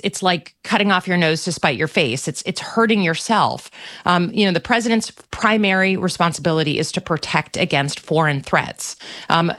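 Woman, middle-aged, senator, low voice, measured, pointed. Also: fairly bright tone. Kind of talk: political interview.

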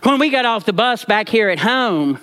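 A man telling a funny personal story from his childhood with comic timing and drawn-out pauses. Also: high voice, expressive, sharp tone, clean tone.

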